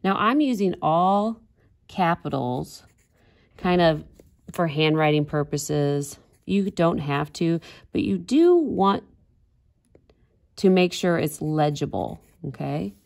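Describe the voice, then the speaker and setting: A woman's voice: deep voice, animated, slow, vocal fry, a little mellow. A woman art teacher giving a casual drawing demonstration, chatty and giggling at her own jokes.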